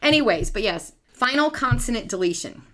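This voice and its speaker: A woman's voice: a little high, expressive, a little fast, a bit bright. A woman in her forties, a speech therapist co-hosting a casual podcast, explaining in a teacherly way, checking for understanding and laughing easily. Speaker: podcast co-host; speech language pathologist.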